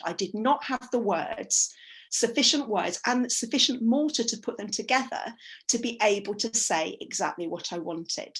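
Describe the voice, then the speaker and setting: A woman who teaches languages, giving a chatty conference talk with slides, with frequent ums and quick self-corrections. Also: mid-range voice, expressive, a bit bright. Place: conference session.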